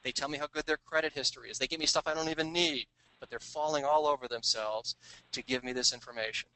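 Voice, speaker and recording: A man tells business war stories in an animated, confiding way, slipping into put-on voices to act out phone calls. His voice is bright and forceful. The recording is dry, with no room sound. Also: medium pitch, fast, dry recording, poor audio. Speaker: author talking about his sales book. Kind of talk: storytelling business talk.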